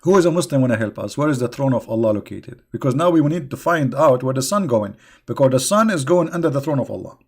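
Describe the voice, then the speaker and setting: Animated and fast, with a medium pitch and a breathy edge, this man runs an online religious debate in non-native grammar. He mocks, chuckles at his own jokes, and pelts his audience with rhetorical questions in a sarcastic style.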